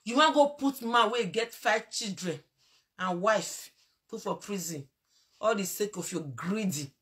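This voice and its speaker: A woman with a Nigerian Pidgin accent hosting a show, talking in an animated, emphatic monologue. She repeats her phrases, scolds, laughs, and breaks into sudden loud outbursts. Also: medium pitch, unhurried. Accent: Nigerian Pidgin English. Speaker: online show host.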